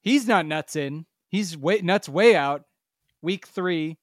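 A man's voice: a little high, takes it slowly, no echo, studio quality. A man co-hosting a casual sports podcast, emphatic and mocking, swearing freely. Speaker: podcast co-host.

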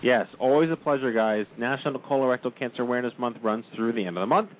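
A man's voice: mid-range voice, fast. A man hosting a casual talk show, upbeat and moving things along. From Brooklyn, New York. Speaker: podcast host. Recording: tinny phone-line sound with faint hiss.

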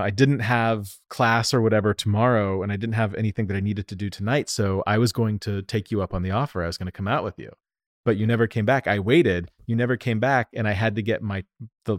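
A man's voice: lowish voice, a little fast, dry recording, studio quality, close to an everyday voice. A man voicing a young female hotel desk clerk, earnest and apologetic, while retelling a story.

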